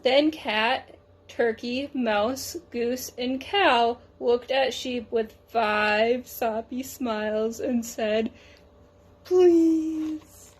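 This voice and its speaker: A woman teacher reading a picture book aloud, slow and deliberate. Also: on the high side, fairly even intonation. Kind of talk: storybook read-aloud.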